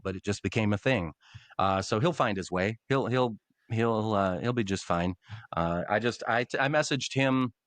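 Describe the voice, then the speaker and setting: A middle-aged man, a longtime public address announcer, telling animated stories in a casual podcast interview. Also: on the low side, smooth, no room sound. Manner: animated storyteller, acts out quotes.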